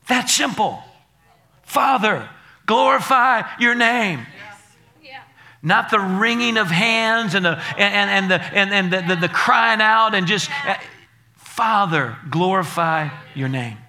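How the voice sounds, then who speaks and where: A man pastor preaching a sermon, building to shouted, repetitive declarations. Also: high voice.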